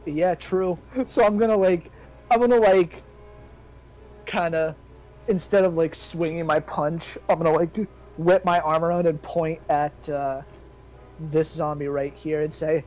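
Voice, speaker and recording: A man's voice: on the high side, steady tone, a little slow, darkish tone, soft background music, rough recording. A man playing a tabletop game who laughs and swears a lot, with plenty of hesitant fillers. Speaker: player. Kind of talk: casual tabletop game play.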